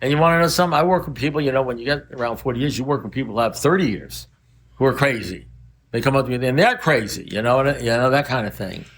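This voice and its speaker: A man's voice: mid-range voice, fast talker, fairly bright tone. An older man speaking at a recovery meeting, telling rambling stories in a wry, blunt manner.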